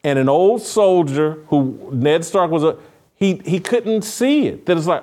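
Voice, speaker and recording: A man's voice: high-pitched, measured pace, darkish tone. A man hosting a political talk show, speaking fervently with frequent restarts. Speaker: podcast host.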